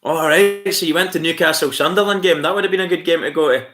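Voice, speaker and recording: A man's voice: on the high side, fast. A man with a Scottish accent hosting a livestream, chatting casually and answering viewer comments in a friendly way. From Scotland. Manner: friendly and chatty, calls viewers mate, laughs often. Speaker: livestream host.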